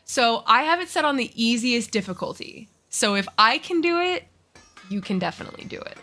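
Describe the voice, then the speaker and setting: A woman with a higher, lively voice talks fairly fast in a pushed, bright way. She's live-streaming a game and chatting casually, cursing at enemies and poking fun at her own skills.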